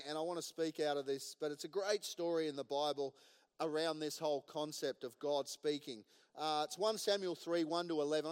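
A man preaching a sermon, easygoing and jokey, with lots of fillers. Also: high voice. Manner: jokey, chuckles at his own jokes, filler-heavy. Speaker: pastor. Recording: long church hall reverb.

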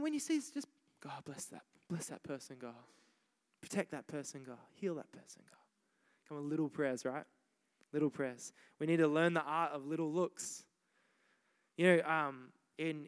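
A young Australian man preaching a sermon as pastor, energetic and repetitive, urging the crowd on with "come on". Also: a little high, clean tone. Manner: energetic, repeats himself, exhorting "come on". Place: large church hall. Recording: long hall reverb.

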